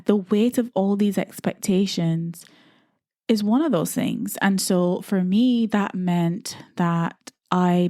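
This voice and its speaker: A woman's voice: mid-range voice, mellow, no room sound, studio quality. A woman from the Caribbean hosting a podcast, speaking to listeners in an earnest, encouraging, conversational monologue full of "you know" asides. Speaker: podcast host.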